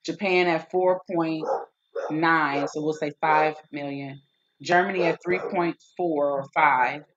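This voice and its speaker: A woman's voice: low-pitched, steady tone, takes it slowly, lo-fi sound, slight background noise. A woman hosting a live-stream explainer, working methodically through a list of figures with frequent checks of "okay?". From United States. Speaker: host.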